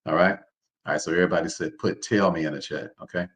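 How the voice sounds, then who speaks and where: A man with a very low voice hosts a live online session. He drives his points home by repeating them and keeps asking his listeners to answer him. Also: steady tone, fast, a bit bright. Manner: preacher-like, calls on the audience to respond; repeats phrases, informal speech. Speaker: host. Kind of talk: live online seminar talk.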